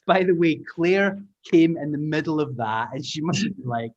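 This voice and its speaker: A man teaching an online language lesson, lively and encouraging, explaining sounds patiently. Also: on the high side, unhurried, muffled recording. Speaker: teacher trainer. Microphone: video call.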